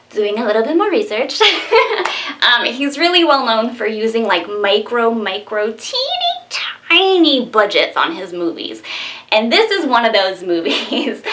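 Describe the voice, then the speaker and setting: A young woman casually reviewing a low-budget horror film, bubbly and giggly, full of fillers. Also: pushed and bright.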